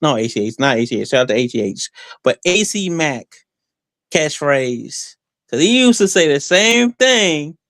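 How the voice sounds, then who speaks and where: A man's voice: a little high, very animated, moderate pace, a bit bright, no room sound. A man, a guest wrestler, talking through boastful trash talk in a loose, rambling way, full of fillers and restarts. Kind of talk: casual podcast interview.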